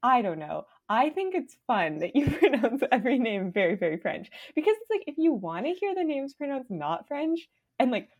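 A woman's voice: a little high, very animated, moderate pace, hardly any pauses, lo-fi sound. A woman co-hosting a casual podcast, chatty and giggly, filling her talk with 'like'. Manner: giggly, laughs between phrases, lots of 'like'. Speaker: podcast co-host.

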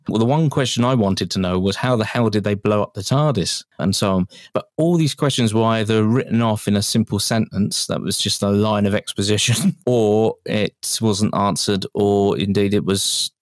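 A man's voice: lowish voice, moderate pace, hardly any pauses, no echo, clean studio sound. A man co-hosting a podcast, chatting casually and laughing often. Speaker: podcast co-host. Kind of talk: casual chat.

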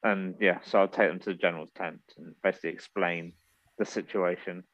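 A man's voice: low voice, fairly even intonation, fairly quick, no room sound, highs cut off. A man playing in a tabletop role-play podcast who thoughtfully explains what his character does. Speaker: player.

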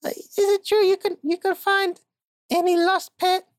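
A woman's voice: flat delivery, moderate pace, no room sound, clean studio sound. A woman voicing a hysterical, frantic woman pleading for help to find her lost cat. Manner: shrill, pleading, breathless.

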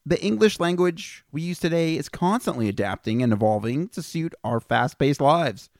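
A man's voice: on the high side, expressive, normal speed, darkish tone, no room sound. A man co-hosting a casual podcast, reading out history facts and joking with his friends. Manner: joking, reads out facts between banter. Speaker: podcast co-host presenting facts.

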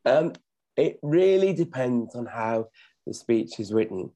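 A man's voice: mid-range voice, animated, a little slow, dark tone. A middle-aged man, an actor, chatting modestly as an interview guest, often correcting himself. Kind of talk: casual interview talk.

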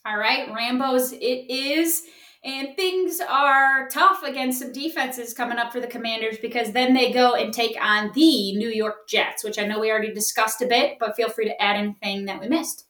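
Woman, sports podcast co-host, wry, laughs a lot, a bit high, echoey and off-mic. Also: normal speed, fairly bright tone, distant mic. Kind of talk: casual sports chat.

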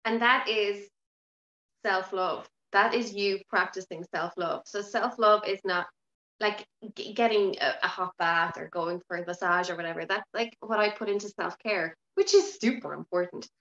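A frank, lively woman chats as a podcast guest, her speech loose and candid with a casual swear here and there. Her voice sits at a medium pitch. The room rings around her, and the sound is slightly dull. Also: normal speed, roomy sound. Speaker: podcast guest, yoga teacher. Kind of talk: casual interview chat.

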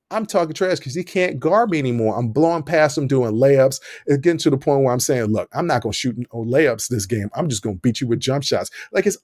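Recorded in studio quality with no room sound, a young man with a mid-range voice hosts a podcast and spins an animated, casual story. He laughs a lot and performs the lines of the people involved.

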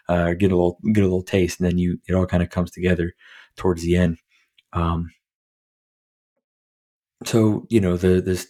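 Man, deep voice, dark mellow tone, casual movie review, rambling, swears, lots of fillers. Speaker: movie review podcast host. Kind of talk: casual spoken film review.

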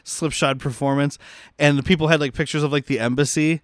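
A man's voice: on the high side, steady tone, a little fast, no room sound, clean studio sound. A man co-hosting a casual movie podcast, rambling, swearing casually and laughing often. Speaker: podcast co-host. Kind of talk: casual movie review chat.

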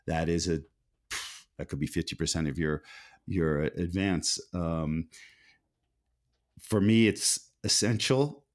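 American man, thoughtful, low voice. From United States. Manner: thoughtful, many restarts and self-corrections. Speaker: author guest. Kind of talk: conversational interview.

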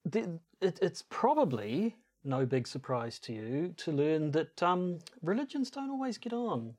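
A man co-hosting a podcast in casual chat, low-key and wry, trading dry asides. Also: sing-song, measured pace, darkish tone. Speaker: podcast co-host.

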